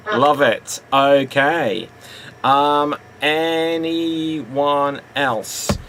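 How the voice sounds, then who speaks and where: Male improv host, unhurried, slightly high voice, laughs a lot, faint noise behind. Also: fairly bright tone. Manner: laughs often, hesitant and unhurried. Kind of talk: casual improv game hosting.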